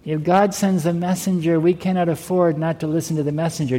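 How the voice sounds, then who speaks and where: A man's voice: on the high side, steady tone, fairly quick, mellow. A male pastor preaching a sermon, often asking the congregation whether they heard him. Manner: preaching with rhetorical questions to the congregation. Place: church sanctuary. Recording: long hall reverb.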